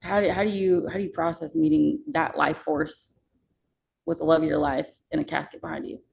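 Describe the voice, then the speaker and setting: A woman's voice: deep voice, steady tone, a little fast, vocal fry, darkish tone, rough recording. A young woman, a podcast guest, telling a personal story in a candid, casual way and swearing freely.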